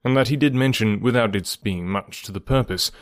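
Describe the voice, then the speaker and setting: A man reading the part of an earnest, kindly gentleman in an audiobook of a classic novel, speaking in a measured, gently reasoning way. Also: lowish voice, no echo, close to an everyday voice.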